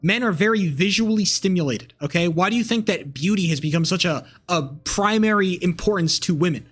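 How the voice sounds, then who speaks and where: A man's voice: sits high, a little fast, fairly bright tone, soft background music. A young man streaming live, rambling casually with crude language and lots of fillers and restarts.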